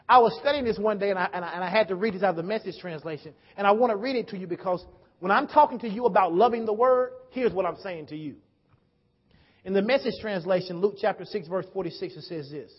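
Hall-echoing preacher man, lively swings. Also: high-pitched, fast, breathy edge. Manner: storytelling preacher, call-and-response, swings from hushed to loud. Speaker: pastor. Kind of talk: sermon. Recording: dull sound with long hall reverb.

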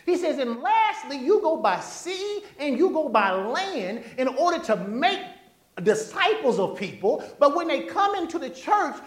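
A pastor preaching a sermon in a church, animated and folksy, calling out to the congregation. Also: high-pitched, unhurried. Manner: animated, call-and-response preaching; folksy, conversational asides. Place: church sanctuary. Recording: echoey church room.

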